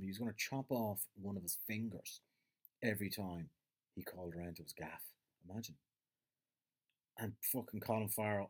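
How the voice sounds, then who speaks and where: An Irish man with a rambling, sweary, off-the-cuff manner, chatting casually on his own as a podcast host. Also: on the low side. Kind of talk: casual solo chat.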